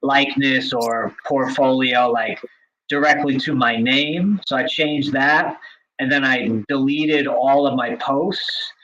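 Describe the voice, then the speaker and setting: A man in a casual podcast conversation, a drum teacher talking in a loose way full of fillers and restarts. His voice sits at an ordinary middle pitch. The recording sounds slightly muffled and lo-fi. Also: steady tone, slow, fairly bright tone, a little hiss or hum. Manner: chatty, many filler likes and restarts. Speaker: podcast co-host.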